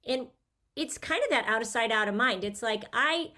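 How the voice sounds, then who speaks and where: A woman's voice: on the high side, lively intonation, normal speed, sharp tone. A middle-aged woman telling candid, emotional stories, guesting on a podcast over a video call. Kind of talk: casual chat.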